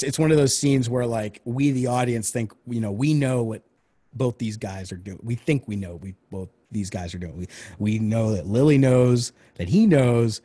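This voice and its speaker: Husky man brainstorming, rambling casually. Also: lowish voice, warm tone. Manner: rambling, full of "like" and acted-out character lines. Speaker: screenwriter discussing script notes.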